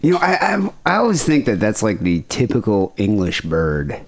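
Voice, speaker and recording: A man's voice: lowish voice, wildly swooping pitch, normal speed. A man hosting a podcast, chatting casually with crude, loose banter. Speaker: podcast host. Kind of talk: casual chat.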